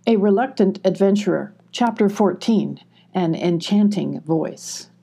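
A woman narrating a children's audiobook in a measured, gentle way. Her voice is husky and mellow, with a gravelly edge. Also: mid-range voice, animated. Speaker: audiobook reader.

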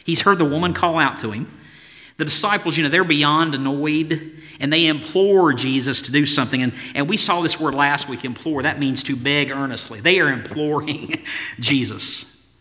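Male pastor, sermon, bright ringing voice, fairly high pitch, emphatic rhythmic delivery, long hall echo. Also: normal speed. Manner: emphatic, rhythmic lists and rhetorical questions.

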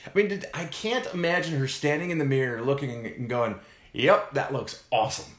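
A man's voice: medium pitch, moderate pace. A man casually telling a funny story on a podcast, laughing often and acting out what people said. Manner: animated, laughs often, acts out quotes. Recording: echoey room.

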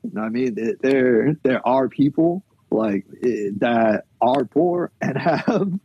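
A man's voice: medium pitch, expressive, slow, husky, no room sound, highs cut off. A man speaking as a podcast guest in a loose, chatty way, with lots of fillers and frequent laughter. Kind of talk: casual conversational interview.

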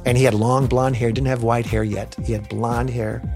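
Candid, animated male interviewee, mid-pitched, over music. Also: moderate pace. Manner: frank, animated, colloquial. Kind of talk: candid personal storytelling.

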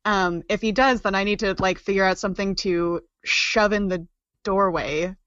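Brief: casual woman player, bright voice, slightly muffled dry recording. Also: medium pitch, fairly even intonation, normal speed, no room sound. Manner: casual, rambling with fillers. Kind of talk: casual tabletop role-play.

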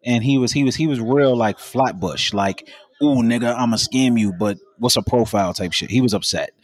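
A man's voice: medium pitch, moderate pace, dry recording. A man in casual podcast banter, teasing his friends in heavy slang. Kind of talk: casual group chat.

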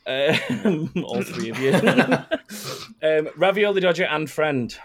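A man's voice: a little high, lively intonation, slow. A man hosting a casual podcast quiz, swearing and laughing as he reads out the questions. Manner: sweary, laughs often while reading questions. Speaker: quiz host.

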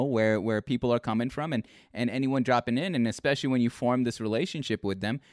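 A man hosting a livestream interview show, talking in an animated way and often repeating his words. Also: medium pitch, smooth, dry recording, studio quality. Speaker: host.

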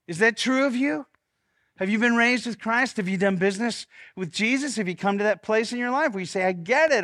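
Earnest high-voiced male pastor preaching. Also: bright, forceful tone. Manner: leads the congregation in repeated spoken confessions; earnest, repeats words as he restarts. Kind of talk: sermon.

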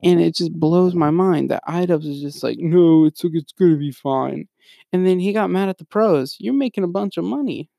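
A man's voice: high voice, fairly quick, gravelly, hardly any pauses, mellow, no room sound, clean studio sound. A young man co-hosting a podcast, ranting in a rambling way and often restarting his sentences. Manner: rambling, frequently restarts and sidetracks. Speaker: podcast co-host. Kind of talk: casual ranting commentary.

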